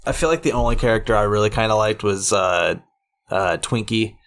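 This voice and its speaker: A man's voice: lowish voice, brisk, a bit bright. A man co-hosting a podcast, chatting casually about a movie, often hesitating and repeating words as he stumbles. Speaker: podcast co-host. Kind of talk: casual movie-review chat.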